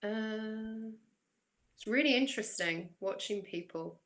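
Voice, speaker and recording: A woman's voice: mid-range voice, steady tone, normal speed, sharp tone, rough recording. A woman working as an intuitive coach, talking reflectively on a spiritual chat show and posing questions to listeners. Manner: reflective, asks questions back. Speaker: intuitive coach and guest reader. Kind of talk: casual chat.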